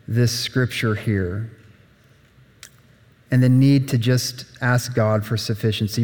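A man's voice: medium pitch, a little mellow. A male pastor giving a sermon, retelling a story conversationally with asides to listeners. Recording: reverberant hall.

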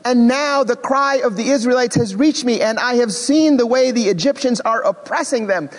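Animated man teaching scripture in a hall. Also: extremely high pitch, a little fast, few pauses. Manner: animated, expressive, self-deprecating asides. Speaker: Bible teacher. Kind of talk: Bible class teaching.

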